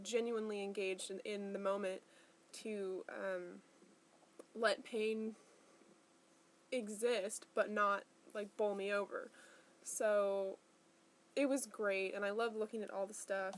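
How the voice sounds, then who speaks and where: A woman's voice: mid-range voice, steady tone, unhurried. A young woman in casual vlog talk, chatty and rambling with lots of fillers, tired and in pain. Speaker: vlogger.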